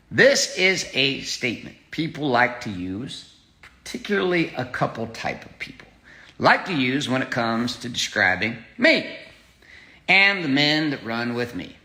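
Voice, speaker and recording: Forceful, intense man ranting in a roomy space. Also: mid-range voice. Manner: intense, combative, swearing often; punchy emphatic delivery with short repeated phrases. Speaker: host. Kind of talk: motivational monologue.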